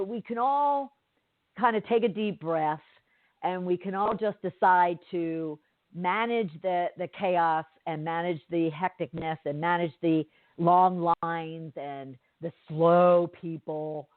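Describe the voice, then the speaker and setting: A woman's voice: fairly low pitch, no echo. A woman podcast host telling a story in a chatty, rambling way with many fillers and asides. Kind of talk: casual storytelling monologue. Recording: dry, tinny phone-like line.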